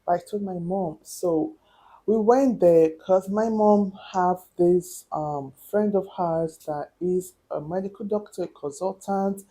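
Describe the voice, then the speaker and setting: Slow-talking breathless woman vlogger. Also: fairly low pitch, husky. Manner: animated, acts out quoted dialogue. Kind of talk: casual storytelling to camera.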